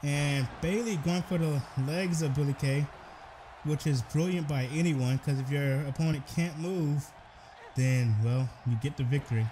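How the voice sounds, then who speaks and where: A young man narrates a wrestling video game match in play-by-play fashion, his fairly high voice jumping into shouts at big moves. A faint hiss of background noise sits under the recording. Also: measured pace. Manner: excitable, bursts into shouted exclamations.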